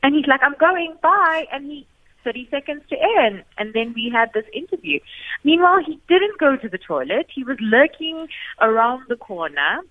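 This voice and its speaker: A woman's voice: high voice, big pitch swings, moderate pace, no room sound. A South African woman, a former radio co-host, telling stories in a tribute chat and acting out the quotes she tells. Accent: South African English. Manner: warm storytelling, acts out quotes. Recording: tinny phone line, dry.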